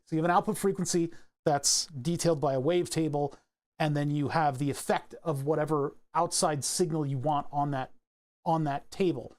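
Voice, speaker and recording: A man's voice: a little high, a little mellow. A man casually walking through his microcontroller code, rambling and self-correcting, laughing at himself now and then. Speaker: hobbyist electronics maker.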